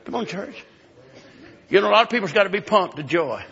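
A man's voice: high voice, animated, a little fast, vocal fry, fairly bright tone, dull audio. A man in his seventies preaching a sermon in a folksy, chuckling way, calling out to the congregation. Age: 70s.

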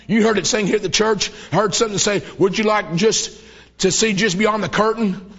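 A man preaching a sermon, telling a vision with mounting fervor and bursts of shouted praise. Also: high-pitched, steady tone, a little fast, creaky. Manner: fervent storytelling, voice rising to shouts of praise. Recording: dull lo-fi old tape.

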